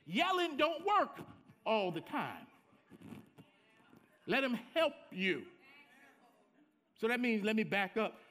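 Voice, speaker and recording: A man preaching a sermon as pastor, with dramatic swings from soft low asides to loud, high cries. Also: sing-song, slow, pauses often.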